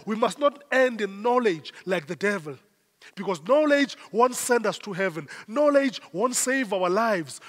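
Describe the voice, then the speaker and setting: A South African man preaching a sermon as pastor, emphatic and repeating his phrases in rising waves. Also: sits high. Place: church. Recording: long church hall reverb.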